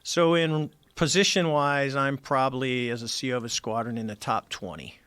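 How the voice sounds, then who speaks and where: A man's voice: medium pitch, normal speed, fairly bright tone, clear, resonant tone, dry recording. A middle-aged man, a former Navy squadron commander, telling a story as a podcast guest and acting out the dialogue as he goes. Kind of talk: casual storytelling interview.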